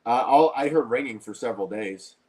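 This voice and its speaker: A man's voice: medium pitch, a little fast, darkish tone. A man hosting a podcast, telling a long story in casual chat with many restarts.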